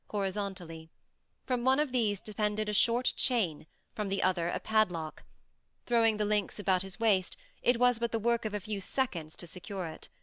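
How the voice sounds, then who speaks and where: Woman with a smooth audiobook narration voice. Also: medium pitch, fairly bright tone, no echo. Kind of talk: scripted narration.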